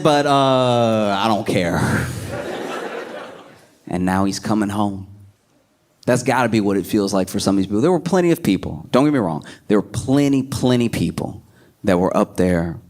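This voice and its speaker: A man doing stand-up comedy, telling a story in an animated way and jumping into put-on voices. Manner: animated, jumps into high put-on voices, laughs a lot.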